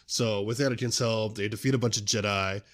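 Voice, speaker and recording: A young man hosting a podcast in a casual, excitable, rambling way, often interrupting himself mid-sentence. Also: lowish voice, quick pace. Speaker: podcast host.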